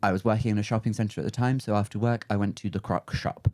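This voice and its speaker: A woman's voice: a bass voice, fairly even intonation, fast talker, a little mellow, slight background noise. A woman hosts a chatty podcast in a medium voice. She tells funny stories and signs off with playful, dry teasing. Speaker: podcast host. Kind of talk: casual chat.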